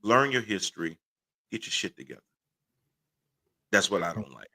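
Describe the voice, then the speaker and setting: A man's voice: fairly low pitch, normal speed, pushed and bright. A man hosting a casual livestream talk show, blunt and impassioned, laughing often. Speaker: host.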